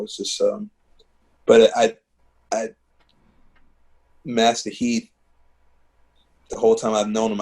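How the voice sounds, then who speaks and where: A man's voice: fairly low pitch, creaky, a little mellow, low-quality recording. A man, a musician and teacher, telling earnest, heartfelt stories in a conversational interview, with lots of "man" and "you know". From Baltimore. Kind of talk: reflective conversational storytelling. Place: home living room.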